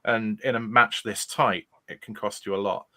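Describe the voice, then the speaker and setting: A man's voice: on the low side, fairly even intonation, normal speed, pushed and bright. A man hosting a quiz podcast, chatting casually and thinking aloud with a reflective manner. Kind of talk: casual chat.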